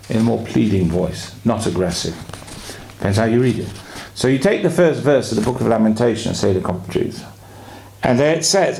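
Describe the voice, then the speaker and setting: A rabbi giving a weekly sermon, explaining his points in a measured way with drawn-out pauses. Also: medium pitch, big pitch swings, creaky, a little mellow.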